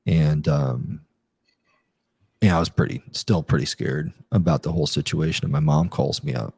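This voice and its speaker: A middle-aged man with a very low, mellow voice recalls his service in a relaxed interview. He talks in loose runs, full of fillers and restarts. The sound is dry and close. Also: normal speed, gravelly, slightly rough, no room sound. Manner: rambling, many fillers and restarts. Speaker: guest, retired Army captain. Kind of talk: casual interview storytelling.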